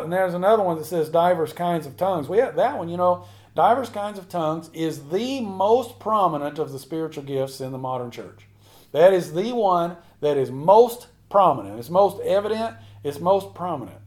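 A man's voice: on the high side, darkish tone. A man preaching a sermon as a pastor, building up to emphatic repeated lines.

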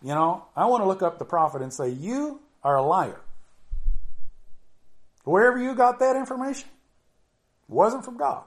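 With a high-pitched voice, a middle-aged man gives a casual sermon in a conversational style, full of drawn-out emphasis and frequent "you know"s.

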